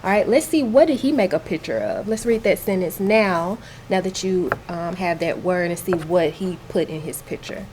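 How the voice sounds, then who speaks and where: Woman reading tutor: lowish voice, patient and encouraging, faint background hiss. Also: normal speed, few pauses, a little mellow. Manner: patient, encouraging, explains simply.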